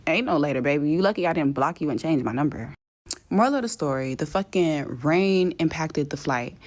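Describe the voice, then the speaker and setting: Low-voiced woman ranting, profane and exasperated. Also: lively intonation. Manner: profane, exasperated, mimics others in quick asides. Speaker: vlogger telling a travel story. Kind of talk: casual storytelling rant.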